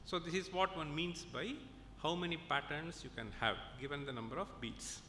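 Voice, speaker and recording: An Indian man gives a conference lecture as a professor, working through examples patiently and pausing to check that listeners follow. His voice is very bright and a little high. He is recorded in a reverberant hall with a faint low rumble underneath. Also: animated. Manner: explains step by step, checks in with "okay?" and "right?".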